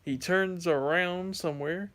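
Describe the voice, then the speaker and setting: A sleepy young man vlogs a rambling story to camera for his viewers, full of fillers and restarts. His voice sits high, sounds a bit bright, and moves at a measured pace.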